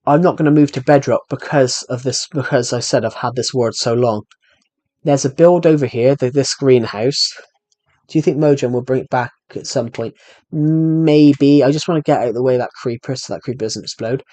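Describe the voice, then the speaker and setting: A man's voice: medium pitch, normal speed, mellow, no echo. Rambling young British gaming streamer, man. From Britain. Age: young adult. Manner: rambling, self-deprecating, many restarts. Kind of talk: casual gameplay commentary with live chat. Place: room at home.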